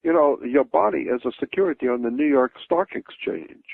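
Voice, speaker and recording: A man's voice: medium pitch, fairly quick, vocal fry, dry recording. A man talking insistently as a guest on a radio talk show, making sweeping claims. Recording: tinny phone-line radio audio.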